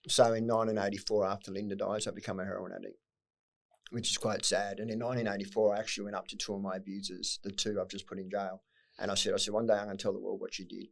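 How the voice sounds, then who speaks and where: With a level tone and a fairly low voice, a middle-aged Australian podcast guest rattles through hard memories bluntly and quickly. Profanity comes easily to him, and every so often emotion cuts through his candid storytelling.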